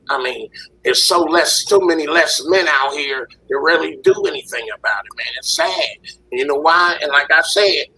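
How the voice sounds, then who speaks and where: A man on a discussion panel with a hoarse, husky voice from a recent illness, ranting heatedly and swearing a lot. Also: mid-range voice, pushed and bright, a little hiss or hum, poor audio.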